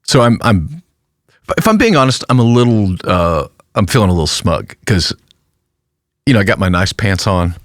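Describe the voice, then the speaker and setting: A man, a pastor co-hosting a podcast, telling a self-deprecating story in casual chat with halting restarts. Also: fairly low pitch, sing-song, no room sound, clean studio sound.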